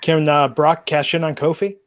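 Upbeat higher-voiced host man. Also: level tone, normal speed. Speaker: podcast host moderating. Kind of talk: casual chat.

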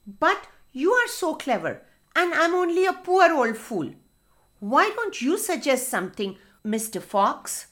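A sensible old male hedgehog in a children's tale, warning and then teasing his boastful friend, played by a woman. His voice is raised and bouncy. He speaks slowly and deliberately. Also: a little high, big pitch swings. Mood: scolding. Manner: cautious, then mocking. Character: wise old male hedgehog, cautious and cheeky.

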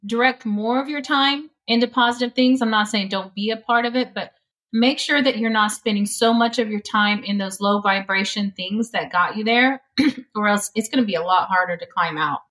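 A woman's voice: mid-range voice, normal speed, fairly bright tone. A middle-aged woman, a guest on an interview show, talking earnestly about healing and often laughing as she speaks. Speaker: energy healing practitioner, guest. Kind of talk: conversational interview.

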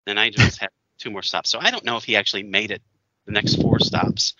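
A man co-hosting a casual chat, telling an anecdote with lively acted-out quotes and frequent laughter. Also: lowish voice, fairly quick, highs cut off, background noise. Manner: animated, acts out quoted voices, laughs often. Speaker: podcast co-host.

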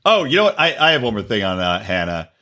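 A man co-hosting a podcast, swearing freely as he recaps a reality show with lively mimicry. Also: fast. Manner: profane, animated storytelling with shrill mimicry. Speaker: podcast co-host. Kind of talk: crude casual chat, recapping a reality show.

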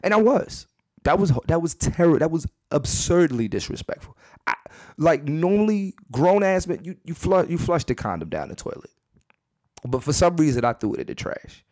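A man hosting a comedy podcast, telling stories in a profane, animated way and repeating lines for emphasis, recorded in a bedroom at home. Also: a little high, moderate pace, no echo, clean studio sound. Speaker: podcast host. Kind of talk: comedic storytelling monologue. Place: his second bedroom at home.

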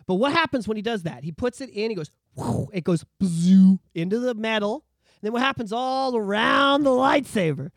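A man co-hosting a podcast in casual chat, ranting in a profane, animated way. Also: high-pitched, normal speed, no echo, clean studio sound. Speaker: podcast co-host.

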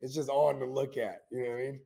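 A man's voice: medium pitch, fairly even intonation, quick pace, gravelly, dark tone. A man co-hosting a casual chat, rambling in slang and often asking "you know what I mean". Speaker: co-host.

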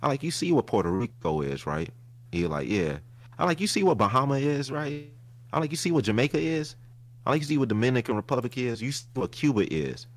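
Profane animated man telling a story. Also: medium pitch, quick pace. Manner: animated, profane, retells a heated argument. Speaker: podcast host. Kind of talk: casual storytelling chat.

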